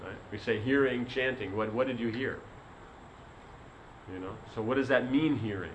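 A man's voice: mid-range voice, moderate pace, highs cut off, a little hiss or hum. A man giving a sermon as a spiritual teacher, telling a story in a rambling way full of "you know".

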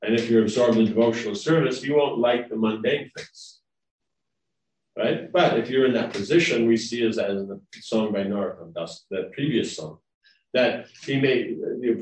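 A man's voice: medium pitch, darkish tone. A man giving a devotional class lecture in a rambling, conversational way, often checking in with his listeners. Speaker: spiritual lecturer. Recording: roomy, distant mic.

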